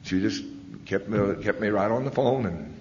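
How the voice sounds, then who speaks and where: A man's voice: fairly low pitch, expressive, moderate pace, darkish tone, a little hiss or hum. A man giving a live personal testimony talk, telling his story in a folksy, candid way with fillers, at a podium microphone. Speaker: speaker sharing his story. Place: large convention hall. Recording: long hall reverb, dull lo-fi 1990s tape.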